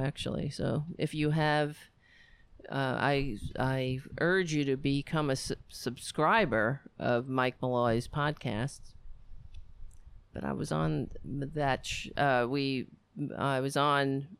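A woman's voice: extremely low pitch, clear, resonant tone, no echo. A woman hosting a podcast, talking casually about politics with sarcasm and scattered asides. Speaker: podcast host.

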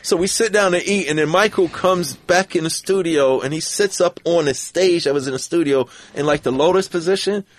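A man guesting on a podcast, telling an anecdote in an animated, profane way and acting out the quotes. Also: fairly high pitch, brisk, few pauses, no echo. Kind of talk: storytelling anecdote.

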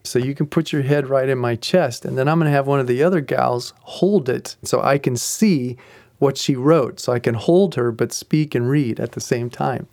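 Middle-aged guy telling a faith story, earnest, kinda gravelly, close dry mic. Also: mid-range voice, moderate pace, no room sound. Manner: earnest, animated storyteller acting out quotes. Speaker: ministry group facilitator. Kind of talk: personal testimony storytelling.

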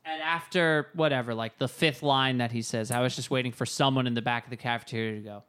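A man co-hosting a casual podcast about a movie, animated and acting out quoted lines. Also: medium pitch, fast, clean tone. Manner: animated, acts out lines from the film. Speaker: podcast co-host. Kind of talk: casual chat reviewing a movie.

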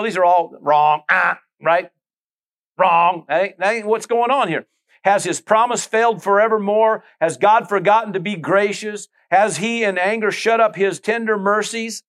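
High-voiced folksy preaching pastor. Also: male voice, fairly bright tone. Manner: folksy preaching, reads scripture aloud, frequent amens. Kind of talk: sermon.

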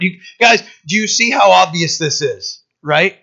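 A man's voice: sits high, a little slow, hardly any pauses, bright, forceful tone. A male pastor preaching a sermon, reading scripture and breaking off into emphatic, conversational asides. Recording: dull lo-fi recording.

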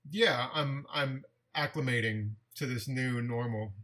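A writer and TV editor from the San Francisco Bay Area speaks thoughtfully as a guest on a remote podcast call, often restarting words in this casual interview conversation. His voice is medium in pitch and sharp in tone, with a measured pace.

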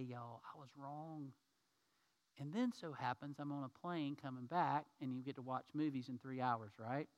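A man preaching a sermon to his congregation, telling a story in a lively way and acting out the people in it. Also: fairly high pitch. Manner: storytelling, acts out quoted people; addresses congregation as y'all. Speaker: pastor.

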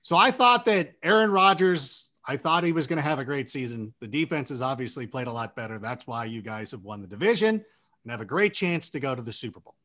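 A man telling stories in casual sports talk, animated and quick to act out quoted voices. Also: medium pitch. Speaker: sports show guest.

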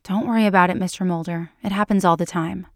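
A woman's voice: on the low side, steady tone, quick pace, no room sound, clean studio sound, lightly acted. A woman voicing a composed female doctor who speaks in a level, haughty, clinical way.

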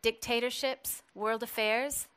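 A wry young writer speaks in a quick, ironic way, pitched a little high, as a woman reads her lines aloud. The voice is bright and clear. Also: fairly even intonation.

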